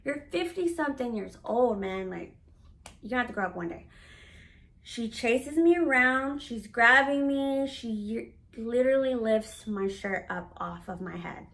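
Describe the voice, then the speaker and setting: A woman's voice: on the high side, unhurried, gravelly, a bit bright. A woman in her thirties candidly recounting a family conflict in a personal vlog, acting out the quoted dialogue with animation. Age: 30s. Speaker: vlogger. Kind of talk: personal storytelling to camera.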